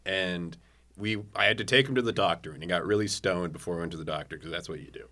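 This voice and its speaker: A young man, a stand-up comedian, telling stories in relaxed podcast chat with lots of "like". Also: sits low, fast. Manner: laid-back storyteller with frequent likes.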